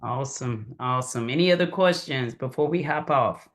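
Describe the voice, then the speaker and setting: A woman's voice: very deep voice, normal speed. Folksy woman hosting a video call. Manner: relaxed, folksy, says y'all. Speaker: call host. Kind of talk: casual video-call chat.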